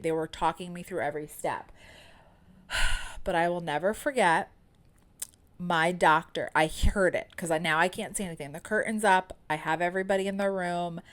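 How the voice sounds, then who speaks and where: A woman's voice: lowish voice, steady tone, normal speed. A woman in her thirties, a podcast host telling a candid personal story in a chatty way, full of fillers.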